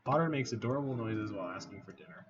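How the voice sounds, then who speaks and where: With an expressive, lowish voice and a quick pace, this streamer mutters wry thoughts aloud while commenting casually on a card game. The recording comes from a home mic that's slightly dull and carries faint noise.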